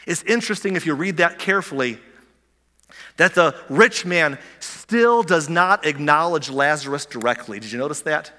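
A man preaching a sermon in a church, eager and excitable, often restarting his words and asking the listeners rhetorical questions. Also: on the high side, moderate pace. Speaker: pastor. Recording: long hall reverb.

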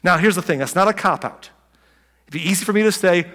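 Male pastor, slightly higher voice, casual preaching style with frequent asides, long hall reverb. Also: sing-song, fast, fairly bright tone. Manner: conversational preaching with many asides and restarts. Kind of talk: sermon.

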